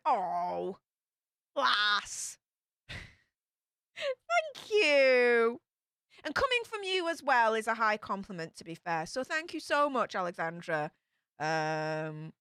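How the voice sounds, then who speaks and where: A woman's voice: mid-range voice, fairly bright tone, clean tone, dry recording, clean studio sound. A young woman, chatting bubbly and rambling as she reads out super chats on her livestream. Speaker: YouTube host.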